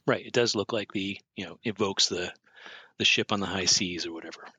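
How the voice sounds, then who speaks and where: A man talks through a movie in relaxed podcast chat, eager and full of theories. His voice sits very low, with a bright, husky edge. The sound is close and dry. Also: moderate pace, no echo. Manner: enthusiastic, theorizing, laughs often. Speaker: podcast co-host. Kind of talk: casual film commentary chat.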